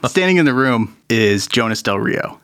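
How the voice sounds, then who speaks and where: A man's voice: mid-range voice, animated, normal speed, a bit bright, smooth. A man narrating a tabletop game as game master, easygoing and often laughing.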